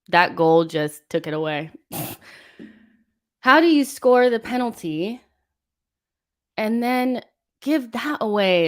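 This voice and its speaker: A woman's voice: medium pitch, expressive, slow, long pauses, dry recording, clean studio sound. A young woman hosting a live football watchalong, venting in exasperation and reading out viewer messages. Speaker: host of a football watchalong stream. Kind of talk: live watchalong commentary and chat.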